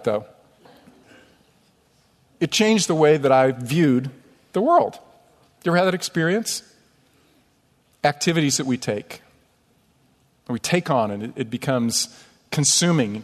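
A man from upstate New York preaching a sermon as pastor, conversational and self-deprecating, in a church sanctuary. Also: medium pitch. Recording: long church hall reverb.

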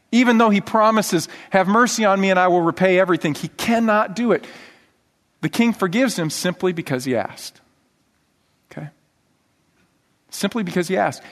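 Animated male pastor preaching in a hall. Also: a little high. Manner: animated storytelling, asks the congregation "okay?". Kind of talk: sermon. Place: church sanctuary.

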